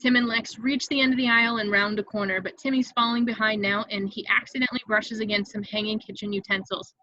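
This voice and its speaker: A woman reading stage directions aloud in an amateur online table read, brisk and vivid, with occasional slips she corrects. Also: medium pitch, steady tone, sharp tone, no room sound, highs cut off.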